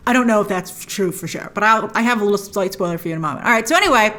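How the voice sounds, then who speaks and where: A young woman talks through a film trailer as the host of a review show. Her voice sits on the higher side and swings up and down a lot as she chats. She is enthusiastic and quick with playful asides. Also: animated, bright, forceful tone. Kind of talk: casual trailer breakdown commentary.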